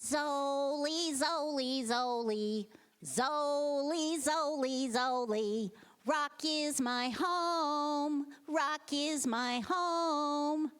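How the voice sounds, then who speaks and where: A woman voicing a proud little male lizard in a small, bitty voice, singing slowly in a storybook tale. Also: steady tone, clean tone, natural voice. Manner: little bitty squeaky voice, sung.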